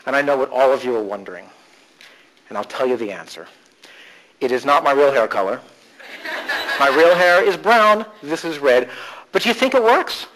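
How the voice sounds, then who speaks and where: A man presenting at a conference, telling animated, joking stories in a humorous live talk. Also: medium pitch, moderate pace, pauses often, noisy background. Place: conference session room.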